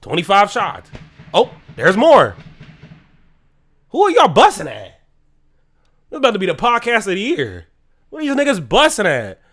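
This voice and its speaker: A man's voice: sits high, huge pitch swings, moderate pace, pauses often, fairly bright tone. A man hosting his own podcast, ranting solo in a profane, incredulous commentary. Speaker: podcast host.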